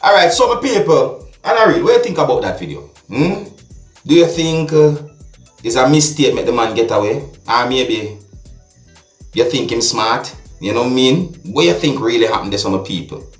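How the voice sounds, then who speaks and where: A Jamaican-accented man talks through a viral clip in a relaxed vlog style, often checking in with the listener through tag questions. His voice sits at an ordinary middle pitch. It rings in an echoey room, with faint music underneath. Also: moderate pace. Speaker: vlogger commenting on a viral clip. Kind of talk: casual video commentary.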